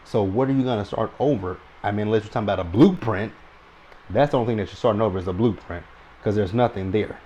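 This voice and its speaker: A man's voice: on the low side, fast, dark tone, a little hiss or hum. A man giving a casual, long-winded recap of a reality show, who keeps checking in with his listeners by asking "right?".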